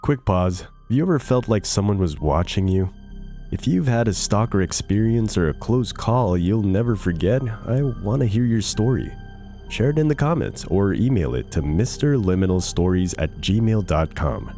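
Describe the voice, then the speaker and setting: A man narrates horror stories in a measured, suspenseful scripted read. His voice is low and steady. Quiet music plays underneath. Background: soft music.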